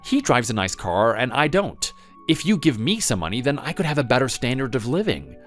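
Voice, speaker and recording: A man's voice: medium pitch, big pitch swings, brisk, a bit bright, soft background music. A man voicing a bitter, self-pitying grown son. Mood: wheedling. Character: resentful grown son blaming his mother for his failures. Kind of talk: texting-story voice-over.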